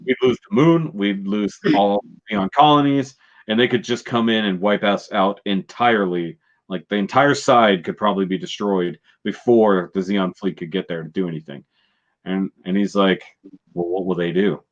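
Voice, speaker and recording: A man hosts a laid-back review chat in a fairly low voice. He retells scenes and slips into mocking put-on voices for the characters. The recording sounds dull and lo-fi. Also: moderate pace. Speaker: show host. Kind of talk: casual review discussion.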